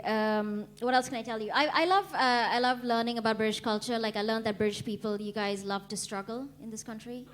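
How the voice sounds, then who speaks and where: A young woman from India performing a stand-up comedy set, deadpan and laughing at her own jokes. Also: on the high side. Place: comedy club stage.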